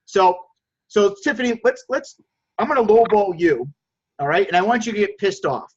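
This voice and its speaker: A man coaching a group call on lowballing, energetic and coaxing, often repeating words. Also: moderate pace, breathy edge. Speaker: sales coach and host. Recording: dull lo-fi call audio.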